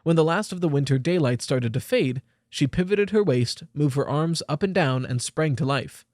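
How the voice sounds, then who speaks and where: A young man narrating an audiobook in a measured, expressive storytelling voice. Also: fairly high pitch, no room sound, studio quality. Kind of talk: scripted narration.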